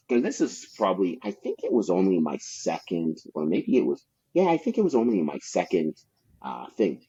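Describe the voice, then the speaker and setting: A man with a very low, husky voice rambles through his sales stories as a podcast guest, casual and profane, full of fillers. The recording sounds dull and lo-fi. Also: wildly swooping pitch, normal speed, dark tone. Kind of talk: casual anecdotal storytelling.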